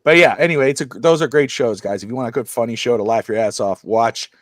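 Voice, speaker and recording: A man co-hosting a casual sports podcast who tells stories in a quick, animated, rambling way. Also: medium pitch, dry recording, studio quality. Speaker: podcast co-host.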